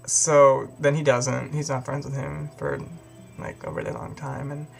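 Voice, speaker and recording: A man's voice: mid-range voice, little pitch movement, measured pace, creaky, faint music behind. A young man casually retelling a story in a rambling, profane way. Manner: rambling, profane, lots of fillers. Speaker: video host.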